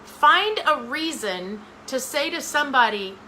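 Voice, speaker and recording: A woman's voice: high voice, animated, moderate pace, pushed and bright, a little hiss or hum, poor audio. A middle-aged woman giving a motivational talk straight to her viewers, emphatic and repeating phrases for effect. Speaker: motivational speaker.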